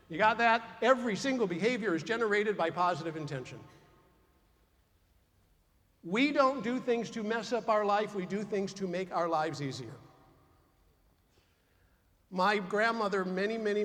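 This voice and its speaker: A man's voice: high-pitched, big-room sound. A man giving a humorous motivational keynote to a large conference audience, acting out the dialogue in his stories. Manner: animated storytelling with acted-out dialogue. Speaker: keynote speaker. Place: large conference hall before a big audience.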